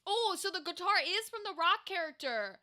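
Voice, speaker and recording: A woman's voice: very high voice, lively intonation, moderate pace, bright, forceful tone. A young woman voice actor chatting casually with her chat on a live stream at home, rambling and reacting to messages. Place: home room with a table setup. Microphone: desk microphone.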